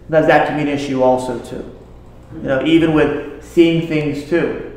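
Guy w a kinda high voice chatting to a group about his patients, storytelling, super echoey room. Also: fairly even intonation, normal speed, darkish tone. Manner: conversational, tells patient stories. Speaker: health practitioner treating patients. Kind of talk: casual talk to a group.

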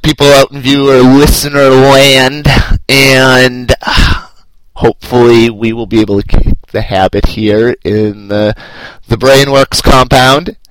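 A man's voice: medium pitch, no echo, low-quality recording. A man in his thirties hosting a solo podcast, rambling and self-deprecating with a wry sense of humor. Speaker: podcast host.

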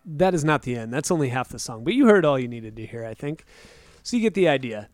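A man's voice: medium pitch, very animated, quick pace, darkish tone, no echo. Chatty man with a dry close voice. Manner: rambling, laughs often, acts out quoted lines. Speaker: podcast co-host. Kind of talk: casual chat.

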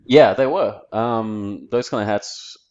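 A man's voice: on the low side, slow, a little mellow, lo-fi sound. An Australian man chatting casually as a podcast co-host, rambling easily and searching for his words. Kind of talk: casual chat.

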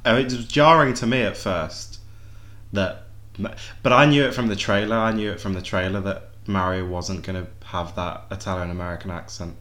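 A man's voice: sits low, fairly even intonation, moderate pace, a bit bright. A man hosting a casual chat, often repeating words as he gathers his thoughts.

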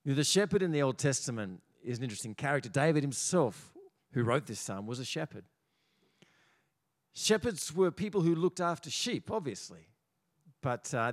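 An Australian man preaching a sermon as pastor in a church, animated and often repeating small words as he builds his points. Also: fairly high pitch. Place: church auditorium.

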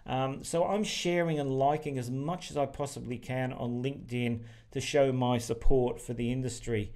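An Australian man hosts a casual business talk show over a video call. He rambles a bit and fills his pauses with ums and restarts, in a voice of ordinary middle pitch. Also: steady tone, darkish tone. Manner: rambling, frequent fillers and restarts. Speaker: podcast host. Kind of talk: casual chat.

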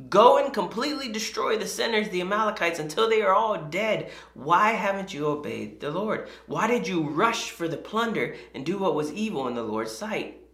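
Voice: mid-range voice, fairly bright tone, reverberant, pitched above the performer's own voice. Give me a stern prophet, as a preacher puts him on, pressing one question after another. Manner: firm, pressing rhetorical questions. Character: stern male prophet rebuking a king. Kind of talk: acted scripture quote in a sermon.

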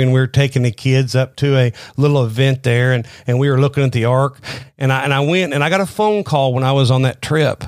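A man's voice: medium pitch, no echo, clean studio sound. A middle-aged man preaching a sermon, earnest, often repeating words and restarting his sentences. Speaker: pastor. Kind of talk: sermon-style teaching.

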